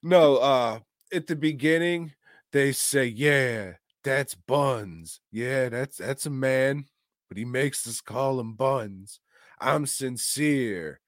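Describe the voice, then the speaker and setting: Slow-talking, profane male podcast host. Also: medium pitch, no room sound, clean studio sound. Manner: profane, rambling, jokey retelling. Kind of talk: casual movie-review chat.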